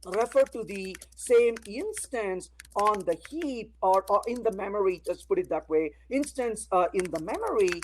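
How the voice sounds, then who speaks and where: A man's voice: high voice, expressive, normal speed, hardly any pauses, slight background noise, poor audio. A man giving a technical conference talk with live coding. He talks playfully, tells everyday anecdotes, asks the audience questions and uses many "uh, you know" fillers. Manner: addresses the audience directly with questions. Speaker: conference speaker.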